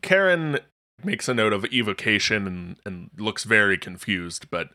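A man playing a tabletop game, halting and giggly as he describes his character. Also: sits low, animated, pushed and bright. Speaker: player. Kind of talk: casual tabletop play.

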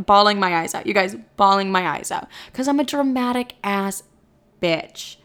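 A woman's voice: medium pitch, moderate pace, a bit bright, smooth. A young woman in her twenties telling a storytime, dramatic and profane, saying 'like' constantly. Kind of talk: casual storytime monologue.

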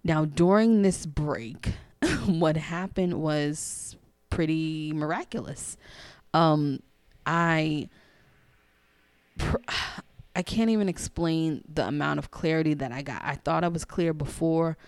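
A woman with a low voice hosts a podcast and tells a personal story in a candid, chatty way. She acts out the dialogue, sometimes dropping to a hushed voice. The sound is dry and close, with no room echo. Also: slow, pauses often. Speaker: podcast host.

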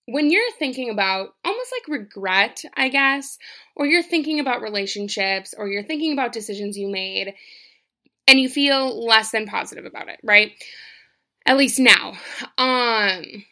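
A woman's voice: a little high, lively intonation, normal speed, sharp tone. A young woman talking straight to her listeners with casual, earnest advice, emphatic and full of swearing and "like". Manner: earnest, emphatic, swears freely, lots of "like" and "right?".

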